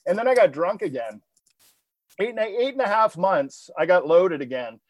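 A man sharing his story of recovery in a personal talk, halting, with many restarts and repeated words. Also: high-pitched, very animated, dry recording. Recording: dull lo-fi recording.

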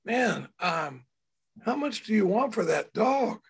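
A man voicing an astonished male passerby with a gravelly voice. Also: high-pitched, very animated, slow, pitched above the performer's own voice, full character voice. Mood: amazed. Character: curious male passerby, amazed.

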